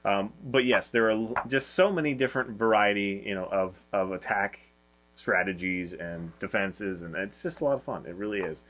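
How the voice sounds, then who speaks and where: Low-voiced man rambling through a game review. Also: moderate pace, fairly bright tone, dull audio. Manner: rambling, many fillers and restarts. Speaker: board game reviewer, co-host. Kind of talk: casual review chat.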